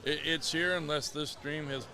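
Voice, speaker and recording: Male organizer, modest and grateful, interviewed amid a loud crowd. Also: on the high side, steady tone, normal speed, rough recording. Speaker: tournament organizer. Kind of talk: casual interview chat. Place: busy tournament hall. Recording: crowd noise behind.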